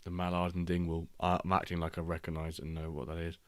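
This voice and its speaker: A man, chatting casually and reacting excitably while hosting a live football watchalong stream. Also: low voice, fast talker, smooth, dry recording. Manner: rambling, excitable reactions to match action.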